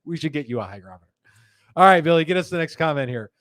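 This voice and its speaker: A man's voice: a little high, lively intonation, fast, a bit bright, no echo, studio quality. A middle-aged man hosting a live podcast, chatting casually, laughing often and reading viewer comments aloud. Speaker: podcast host. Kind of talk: casual live-show chat.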